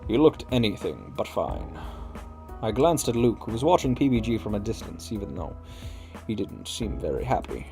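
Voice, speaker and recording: A low-voiced man with a gravelly, creaky edge and lively pitch reads a visual novel aloud. He breaks in with wry, sweary asides at his own slips, and faint game music plays behind him. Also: normal speed. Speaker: let's play host. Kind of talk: casual visual novel read-through.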